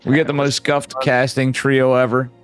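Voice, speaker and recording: A man's voice: mid-range voice, level tone, moderate pace, smooth, faint music behind. A tipsy man hosting a game stream, rambling through casual banter with lots of swearing. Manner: rambling, swearing, laughing often.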